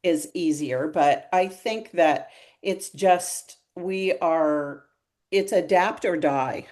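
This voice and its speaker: An older woman comedian chatting in an interview, telling animated stories full of fillers. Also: on the low side, slow. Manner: animated storyteller, many fillers. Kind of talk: casual interview chat.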